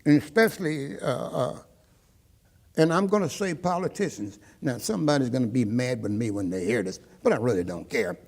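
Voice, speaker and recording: A man's voice: mid-range voice, moderate pace, gravelly, a little mellow, in a large hall. An older man from Maryland, an interviewee recounting his personal history, who tells his story and often acts out the dialogue he remembers.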